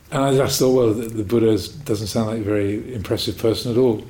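In this rough recording, a man who teaches Buddhist meditation responds to a question in a Dhamma talk. His fairly low voice moves at a moderate pace, and he tells calm, thoughtful stories laced with gentle self-mockery.

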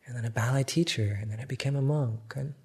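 An older man with an American accent, a Buddhist monk giving a reflective, gently self-mocking dharma talk. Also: mid-range voice, quick pace, breathy edge. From United States.

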